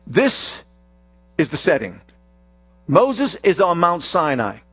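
Slow, emphatic male preacher. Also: huge pitch swings, husky. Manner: slow, emphatic delivery with dramatic drops to a low hushed voice; reads scripture aloud in a drawn-out, stressed cadence. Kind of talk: sermon. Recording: dry close sound with faint mains hum.

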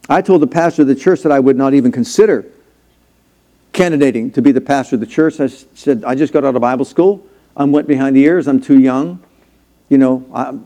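A man in his sixties preaching a conversational sermon as pastor, acting out quoted lines and growing louder when worked up. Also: fairly high pitch. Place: church sanctuary.

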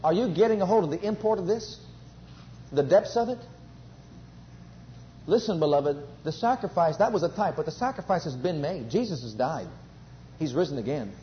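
A man preaching a sermon with fervor, swinging between loud emphatic calls and quiet low asides. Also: expressive, normal speed, long pauses, slight background noise. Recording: dull lo-fi recording.

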